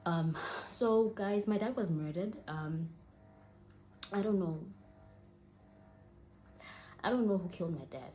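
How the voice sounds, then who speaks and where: A young woman vlogger, in her twenties and speaking with a Southern African accent, sits indoors sharing a personal story while holding back tears, her voice often fading to nearly a whisper. It's on the low side and a little mellow, with slight background noise.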